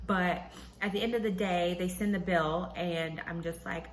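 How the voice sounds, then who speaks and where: A woman hosting a podcast, casually telling a personal story and acting out what others said in a higher voice. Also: normal speed, roomy sound, a little hiss or hum, low-quality recording. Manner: animated, acts out quotes in a high voice, laughs often. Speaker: podcast host.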